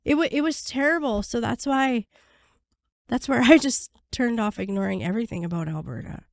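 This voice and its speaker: A woman guest on a podcast, telling her story bluntly and swearing freely, her voice going hoarse. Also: fairly high pitch, normal speed, no echo, clean studio sound. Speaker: podcast guest, prisoner advocate. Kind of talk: candid storytelling interview.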